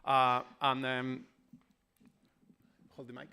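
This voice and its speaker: A man's voice: mid-range voice, completely flat delivery, slow, bright, forceful tone, clear, resonant tone. A man introducing a newcomer at an open mic, chatting while fumbling with a handheld mic. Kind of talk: casual chat.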